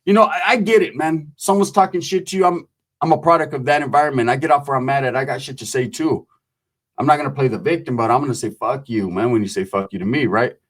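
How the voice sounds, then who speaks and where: A man spins a prison story in rough, profane street slang, dropping into the voices of the people in it. His pitch sits at a medium level for a man. He talks in a casual, storytelling way. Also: fast talker. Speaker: host telling prison stories.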